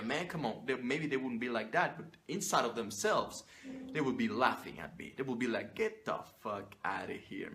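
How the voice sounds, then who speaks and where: A man's voice: mid-range voice, pushed and bright, slight background noise. Blunt, profane man lecturing to camera. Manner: blunt and profane, emphatic preaching. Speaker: image coach. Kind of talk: motivational monologue to camera.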